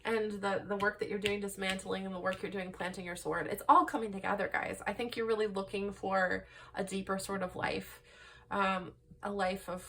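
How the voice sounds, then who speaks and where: A young woman doing a casual pick-a-card tarot reading, rambling and excitable with many "like"s and "um"s. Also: mid-range voice, creaky, a little hiss or hum. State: laugh-crying. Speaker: tarot reader.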